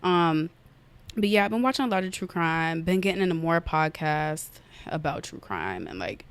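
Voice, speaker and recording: A young woman hosting a casual podcast, retelling a story in an animated, fast way and acting out her own outbursts, recorded on an iPad. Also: deep voice, clear, resonant tone. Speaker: podcast host. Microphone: iPad on an unsteady stand.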